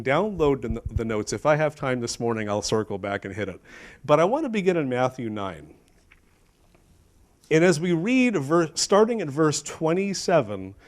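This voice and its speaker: Middle-aged man, pastor, emphatic sermon delivery, lively pitch swings, church setting. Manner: emphatic, asks the congregation questions, shifts between loud and hushed. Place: church sanctuary.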